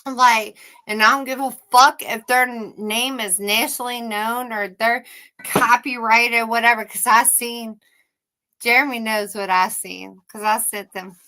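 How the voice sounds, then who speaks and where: A woman's voice: on the high side, steady tone, unhurried, pushed and bright. A woman co-hosting a casual livestream chat, ranting heatedly and swearing constantly.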